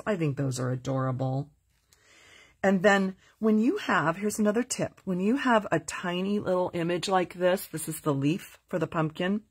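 A woman with a lowish, airy voice runs a live crafting lesson. She is chatty and upbeat, explaining each step and stopping to read out viewers' comments. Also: breathy edge. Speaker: crafting host. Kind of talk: live stamping tutorial.

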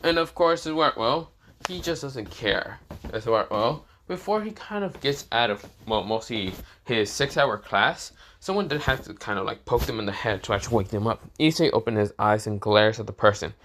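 A man's voice: medium pitch, animated, normal speed, fairly bright tone, a little hiss or hum. Rambling man telling a fan story. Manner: rambling, filler-heavy, casual swearing. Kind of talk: casual spoken storytelling.

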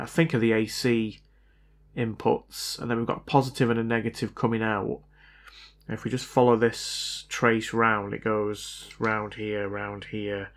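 A man talking through a repair as he works, thinking aloud and often unsure of himself. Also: medium pitch. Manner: hesitant, unsure, self-doubting. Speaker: hobbyist repair vlogger. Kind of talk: casual thinking-aloud commentary.

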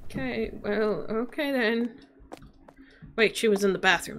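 A woman's voice: a little high, unhurried, a little hiss or hum. A woman streamer giving casual, playful gameplay commentary and making silly sound effects as she plays. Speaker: VTuber streamer.

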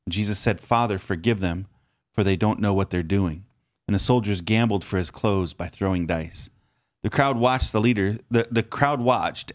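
Low-voiced pastor reading scripture aloud. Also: male voice, no echo, studio quality. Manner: earnest, steady reading with occasional halting fillers. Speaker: pastor and podcast co-host.

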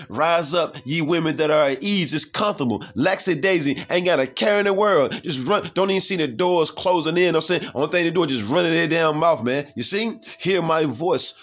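Speaking a little high, fairly quickly, and with a fairly bright tone, a man delivers heated, profane preaching from scripture. He reads verses out loud, comments on each, and keeps interrupting to ask the audience whether they see.

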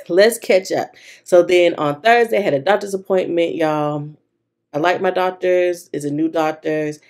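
A young woman vlogger chatting casually while decorating her planner, retelling a story to her viewers in a lively, talkative way. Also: deep voice.

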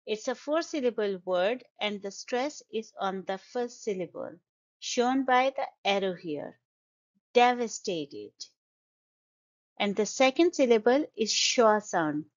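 A woman's voice: mid-range voice, lo-fi sound. A woman teaching an English vocabulary lesson, carefully sounding out words syllable by syllable. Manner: slow, deliberate, stresses syllables.

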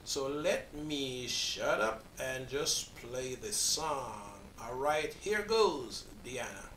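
A man's voice: medium pitch, takes it slowly, bright, forceful tone, far from the mic, slight background noise. Earnest Caribbean man in echoey room. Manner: rambling, restarts sentences, earnest. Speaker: reaction video host. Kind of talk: casual reaction commentary.

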